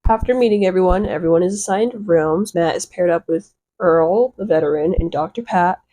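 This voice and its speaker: A woman giving casual, rambling commentary on a reality show, sarcastic and quick to laugh at herself. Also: lowish voice, mellow. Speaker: video essay commentator.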